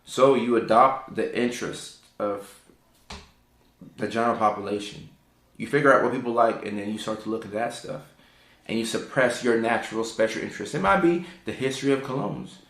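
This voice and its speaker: A man's voice: fairly quick, gravelly, fairly bright tone, echoey room. A man hosting a casual live stream, reading viewer questions and explaining neurodivergence, with lots of fillers and repeated words. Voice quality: calls his own voice sultry and low. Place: indoor home room.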